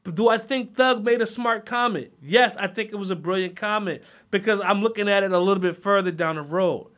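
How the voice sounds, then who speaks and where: High-voiced man ranting on a podcast. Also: brisk, a bit bright. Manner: profane, heated ranting. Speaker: podcast host. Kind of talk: solo podcast rant.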